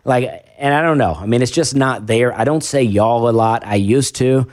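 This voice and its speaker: A man's voice: mid-range voice, moderate pace, darkish tone, no room sound, studio quality. A man with a faint Southern accent, a stand-up comedian talking casually on a podcast, rambling and self-deprecating with lots of restarts. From American South.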